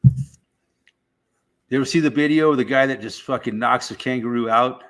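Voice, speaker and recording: A middle-aged man chats on his live stream in a loose, rambling way, swearing freely. His voice has a bright, forward edge at an ordinary male pitch. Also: moderate pace. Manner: rambling, profane, laid-back. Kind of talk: casual live stream chat.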